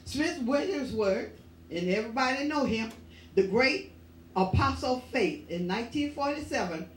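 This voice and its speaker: Woman preacher, emphatic and repetitive, higher voice, recorded far off in a roomy church. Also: lively intonation, moderate pace. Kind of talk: sermon. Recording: echoey room, voice from far off.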